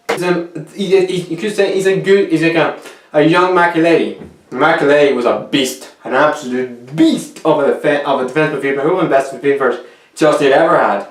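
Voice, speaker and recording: A man's voice: fairly high pitch, echoey room, far from the mic. Chatty man vlogging football transfers. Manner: chatty and joking, talks straight to viewers. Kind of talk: casual football commentary vlog. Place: room cooled by two big fans.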